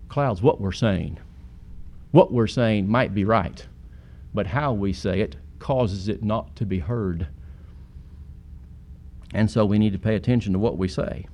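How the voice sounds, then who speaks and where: A man's voice: lowish voice, darkish tone. A man preaching a sermon in an earnest way, with sudden emphatic peaks.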